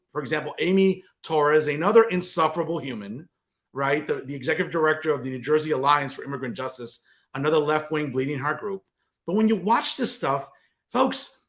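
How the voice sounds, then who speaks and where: A man hosts a political commentary show in a combative, sarcastic monologue aimed straight at his viewers. His voice sits a bit high for a man and swings widely in pitch as he jabs at his targets.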